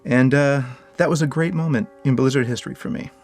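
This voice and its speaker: A game developer recounting a story in an interview, animated and joking. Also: male voice, medium pitch, fairly quick, soft background music. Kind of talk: interview anecdote.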